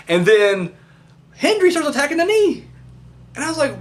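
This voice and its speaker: Man hosting a casual review vlog, high voice, bouncing all over the place, rambling and swearing. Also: brisk, pauses often. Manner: rambling and animated, acts out quotes in voices, swears freely. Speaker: wrestling show reviewer.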